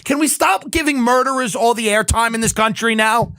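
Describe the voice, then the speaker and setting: A man's voice: extremely high pitch, a little fast, pushed and bright, smooth, no echo. A man doing a profane, sarcastic comedic rant, mocking and swearing as he goes.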